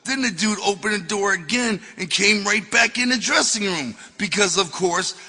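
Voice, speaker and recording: A man's voice: high voice, normal speed, sharp tone, slightly rough, long reverb tail. A man reading his own memoir as an audiobook, telling it in a loose, profane way. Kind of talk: audiobook narration.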